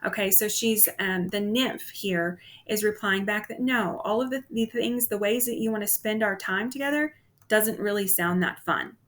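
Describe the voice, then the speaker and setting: A woman's voice: mid-range voice, normal speed, a bit bright. Lady teacher going over a poem, talks loose, says um and okay a lot. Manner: conversational, frequent "um" and "okay?" check-ins. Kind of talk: literature lecture.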